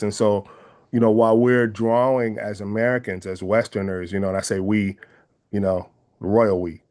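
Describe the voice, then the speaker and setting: A man from the San Francisco Bay Area with a Bay Area accent, speaking as an interview guest in an earnest, measured way and often rephrasing his ideas. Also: fairly low pitch, darkish tone. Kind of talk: reflective interview conversation.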